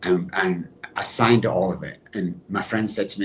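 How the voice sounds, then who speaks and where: A middle-aged man, a podcast guest and addiction recovery expert, telling his own story in an animated way and addressing the host by name. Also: sits low, moderate pace, hardly any pauses, slight background noise. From England.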